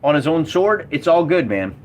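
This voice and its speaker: A man doing panicky adventurers begging for mercy. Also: very animated. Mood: pleading. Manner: pleading, high and hurried. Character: panicked adventurers pleading with orcs, men.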